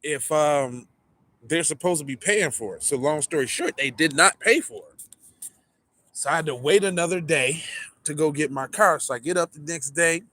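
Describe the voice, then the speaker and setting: A man casually telling a story, animated and full of swearing, acting out the people in it. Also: fairly high pitch, normal speed. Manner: animated, profane, acts out the people in his story. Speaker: podcast storyteller.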